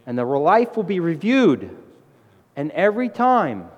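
A middle-aged man preaching a sermon with emphatic delivery, his voice rising to loud exclamations. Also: a little high, big pitch swings, measured pace, highs cut off. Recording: long hall reverb.

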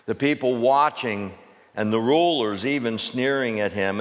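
A man preaching a sermon, reading scripture slowly and deliberately, then pressing a string of urgent questions. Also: medium pitch, long reverb tail.

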